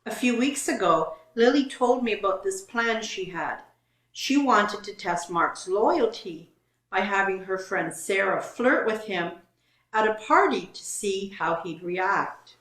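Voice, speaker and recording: A woman's voice: mid-range voice, animated, measured pace, a bit bright. Woman, co-host, reads posts aloud, comments, roomy sound. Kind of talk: reading and discussing online posts.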